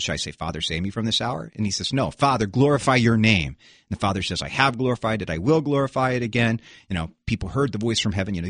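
Pastor guy talking hymns on the radio, kinda low, bright, lots of uh and you know. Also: dry recording, clean studio sound. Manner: thoughtful, with frequent fillers and restarts. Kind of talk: casual theological discussion.

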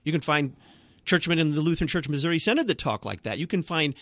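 A man's voice: fairly high pitch, lively intonation, quick pace, fairly bright tone, no echo. A man, a Lutheran pastor, speaking as a guest on a radio talk show, earnest and emphatic with a blunt manner.

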